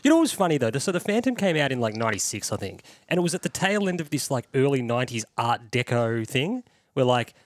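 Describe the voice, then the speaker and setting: A man's voice: mid-range voice, big pitch swings, fast talker, dry recording. A man co-hosting a casual podcast chat on a headset mic, rambling from one tangent to the next and laughing often. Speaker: podcast co-host.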